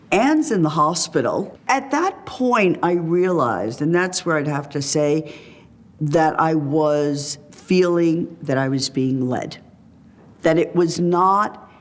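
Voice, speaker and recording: A woman guest telling reflective personal stories in a free-flowing way, acting out remembered conversations. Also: low-pitched. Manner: free-flowing, tells stories through quoted dialogue.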